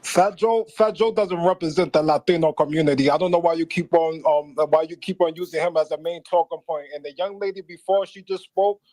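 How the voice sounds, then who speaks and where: A man's voice: a little high, fairly even intonation, a little fast, few pauses, mellow, no room sound. A man with a New York accent calling in to a livestream, arguing his point in an insistent, repetitive, defensive way. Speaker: caller. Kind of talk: call-in argument.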